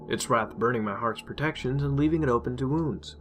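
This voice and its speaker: A man reading a dark first-person story aloud, intense and emotional. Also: mid-range voice, a little fast, hardly any pauses. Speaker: narrator. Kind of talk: dramatic horror story reading. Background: faint music.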